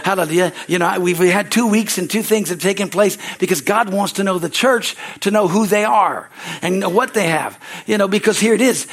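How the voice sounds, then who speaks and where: Male pastor, high voice, fiery sermon, repeats lines, calls for amens. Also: fairly quick. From United States. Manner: excitable preaching, rising to loud exclamations.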